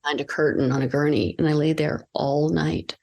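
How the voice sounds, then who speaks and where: Low gravelly woman telling her story. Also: fairly even intonation, a little mellow. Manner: earnest, halting, with frequent restarts and fillers. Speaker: podcast guest, acting coach. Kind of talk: candid personal storytelling in conversation.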